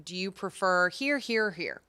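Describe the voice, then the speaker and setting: A woman in her thirties with a slightly low voice chats casually as a talk show co-host. She tells stories with animation, acting out the quotes of the people in them. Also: unhurried, clean tone. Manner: animated storyteller, acts out quotes. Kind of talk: casual chat.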